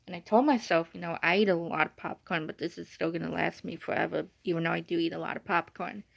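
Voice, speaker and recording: A woman's voice: lowish voice, gravelly, a bit bright, no room sound. A young woman vlogging in casual chatty storytelling, rambling and saying "like" constantly. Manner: rambling, uses "like" a lot. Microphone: phone or device screen. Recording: dull lo-fi sound.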